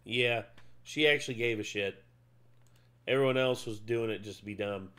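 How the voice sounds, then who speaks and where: A man's voice: lowish voice, normal speed, a bit bright, clear, resonant tone. A man casually reacting to video clips as a co-host, drawling and laid-back with casual swearing.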